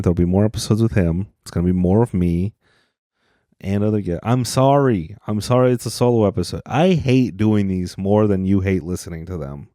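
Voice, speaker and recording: Deep-voiced man rambling solo on a podcast. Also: dark tone, dry recording, clean studio sound. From Utah. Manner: rambling, self-deprecating, jokey. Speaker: podcast host. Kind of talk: solo comedic podcast monologue.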